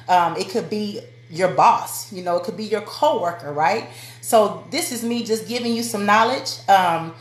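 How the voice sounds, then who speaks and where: A woman giving a motivational live-stream talk to women, speaking directly and preacherly and calling out to her viewers. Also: medium pitch. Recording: echoey room.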